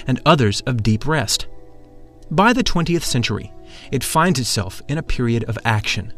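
A man reading an audiobook in a solemn, measured way. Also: mid-range voice. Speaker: audiobook narrator. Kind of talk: scripted narration.

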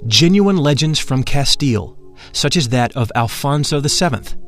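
A man narrating a mystical first-person account in an earnest, reverent reading. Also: medium pitch.

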